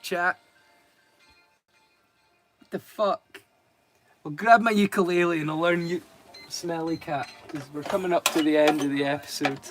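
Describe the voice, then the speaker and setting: A man's voice: fairly high pitch, steady tone, a little slow, long pauses, music in the background. A man with a Scottish accent chatting casually with his live-stream viewers, teasing them and swearing freely. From Scotland.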